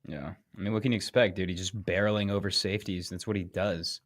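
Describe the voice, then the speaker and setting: A man's voice: low-pitched, fairly even intonation, fast talker, a crowd in the background. A man co-hosting a casual sports podcast, laid-back and drawling as he tells stories. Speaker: podcast co-host.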